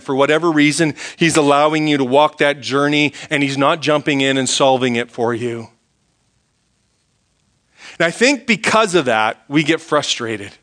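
Male pastor, middle-aged, slightly high bright voice, earnest sermon delivery moving from fervent to hushed. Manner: earnest, rising to fervent pleading prayers then dropping to quiet reflection.

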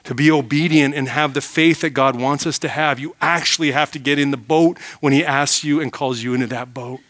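A middle-aged man preaching a sermon, emphatic, asking the congregation rhetorical questions and dropping to a hush to make a point. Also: medium pitch, fairly even intonation, brisk. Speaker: pastor.

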